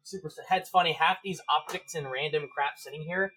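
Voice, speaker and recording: A man as a podcast guest, telling stories animatedly, swearing freely and acting out shouted range commands. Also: fairly high pitch, steady tone, fairly quick, husky. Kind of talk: casual interview chat.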